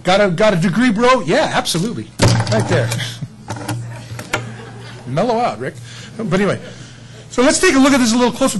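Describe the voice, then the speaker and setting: A middle-aged man preaching a sermon, teaching a Bible verse in an animated way and joking about his own stories. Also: on the high side, breathy edge, low-quality recording. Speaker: pastor.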